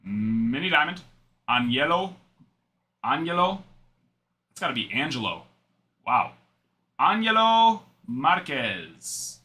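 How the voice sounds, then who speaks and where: Young male card-break host, bright and animated, rambling chatter between card calls. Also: a little high, slow pace, pauses often. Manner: chatty, rambling asides while reading out cards. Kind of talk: live card-break stream chat.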